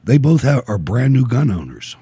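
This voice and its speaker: A middle-aged man hosting a call-in talk radio show, blunt and animated, often laughing. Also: medium pitch, normal speed, slightly rough, dry recording.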